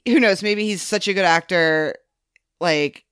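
A woman's voice: lowish voice, measured pace, a bit bright, clean tone, no room sound, clean studio sound. A woman chatting casually on a podcast, talking freely with lots of "like" and "um". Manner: chatty, many fillers like "like" and "um". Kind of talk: casual chat.

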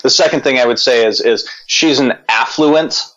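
A man's voice: medium pitch, normal speed, fairly bright tone, dull audio. A man co-hosting a podcast, explaining his point earnestly with filler words. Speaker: podcast co-host. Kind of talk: casual chat.

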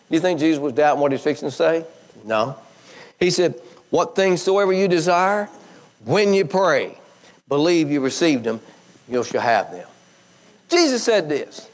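A male preacher delivering a sermon in a folksy, talky way with a slightly higher voice. He quotes scripture, then jumps up in pitch for emphatic bursts and drops low and quiet for asides.

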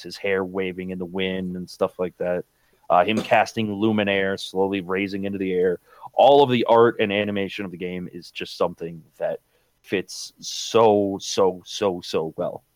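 A man's voice: deep voice, steady tone, normal speed, dry recording. A man co-hosting a casual podcast about retro games, talking enthusiastically and rambling with fillers. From United States. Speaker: podcast co-host. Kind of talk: casual chat.

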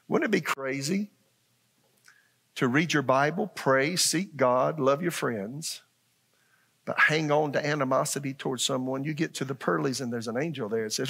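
Gravelly-voiced pastor preaching. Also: male voice, mid-range voice. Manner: animated preaching, acts out voices, asks the congregation questions. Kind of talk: sermon.

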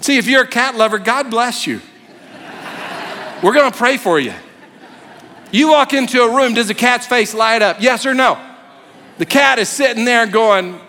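A man in his fifties preaching a sermon as a pastor, animated and humorous, acting out quotes. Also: very high voice, normal speed, long pauses, a little hiss or hum. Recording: long hall reverb.

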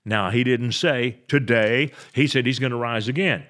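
An older man preaching a sermon, reading scripture aloud and explaining it in an earnest, plain way, with halting restarts. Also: mid-range voice, a bit bright.

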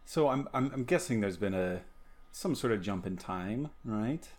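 A man's voice: fairly low pitch, animated, darkish tone. A man co-hosting a casual movie watch-along podcast, agreeing easily and trailing off mid-thought. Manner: agreeable, halting, lots of "yeah". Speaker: podcast co-host.

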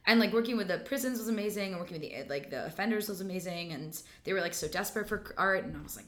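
Bright-voiced chatty woman. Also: medium pitch, rapid-fire, hardly any pauses, a little hiss or hum. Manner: chatty, frequent fillers, animated storytelling. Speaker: podcast guest, theater actor. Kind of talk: casual podcast conversation.

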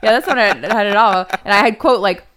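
एक महिला जो घटनाएँ जोश से सुनाती है, आवाज़ साफ़ और गूँजती हुई. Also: female voice, mid-range voice, brisk. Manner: animated retelling, acts out characters' lines. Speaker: podcast co-host. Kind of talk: casual chat recapping a TV episode.

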